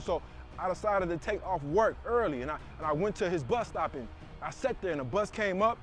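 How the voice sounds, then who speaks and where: A man's voice: high-pitched, animated, fairly quick. A middle-aged man giving an emphatic, repetitive motivational speech to the camera, recorded outdoors. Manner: preachy, repetitive, emphatic with call-outs. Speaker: motivational speaker.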